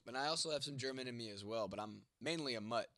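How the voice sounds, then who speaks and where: Profane, rambling livestream host, dry sound. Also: male voice, mid-range voice, fast, a bit bright, no room sound. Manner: profane, rambling, talks straight to viewers. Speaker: livestream host reading chat. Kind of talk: casual live-stream chat.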